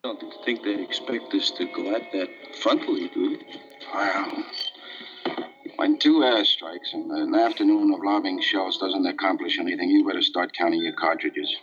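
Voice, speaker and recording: An actor playing a war-weary American infantry soldier in a grim, muttering 1960s TV drama style. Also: male voice, deep voice, normal speed, a bit bright, slight background noise. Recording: dull old TV soundtrack with music.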